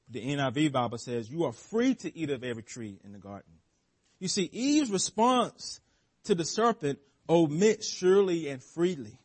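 A man delivering a sermon with a husky, slightly raised voice. He preaches emphatically, stressing words and repeating phrases, sometimes stumbling and restarting a word. His tone climbs on key points and drops low at the ends of lines. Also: expressive, moderate pace. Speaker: pastor.

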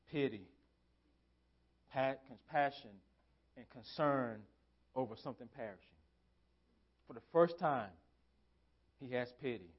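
A pastor preaching a sermon in a church, driving points home with emphatic repeated phrases. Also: male voice, medium pitch, dull audio. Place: church sanctuary.

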